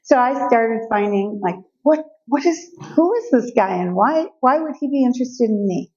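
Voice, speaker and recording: An older woman speaking as a guest speaker, telling personal stories in a lively way and acting out the voices of the people in them. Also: fairly high pitch, normal speed, dull audio. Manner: lively storytelling, acts out quoted voices. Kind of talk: personal storytelling talk. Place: event room.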